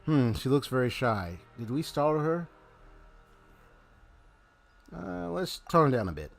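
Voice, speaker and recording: A man's voice: mid-range voice, big pitch swings, a little slow, creaky, faint music behind. A man reading aloud the lines of a small chatty female fairy companion in his plain voice. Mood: curious. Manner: reads game dialogue aloud in a plain voice.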